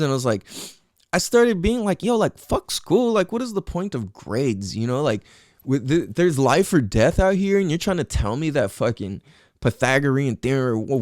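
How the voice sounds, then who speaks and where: Profane rambling podcast host, dry sound. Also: male voice, mid-range voice, no echo. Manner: profane, rambling, heavy on "like" and "you know what I'm saying". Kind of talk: casual storytelling monologue. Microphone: headphones with mic.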